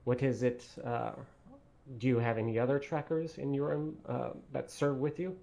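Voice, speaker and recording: A man playing a reserved, wary fey tracker who speaks in a hesitant, measured way. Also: mid-range voice, steady tone, vocal fry, warm tone, voice pushed up, natural voice.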